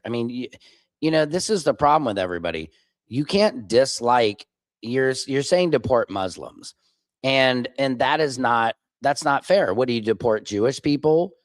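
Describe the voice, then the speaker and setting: A man's voice: mid-range voice, no echo. A man from Minneapolis hosting a livestream, reacting to clips and answering chat comments in an informal, argumentative way. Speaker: livestream host.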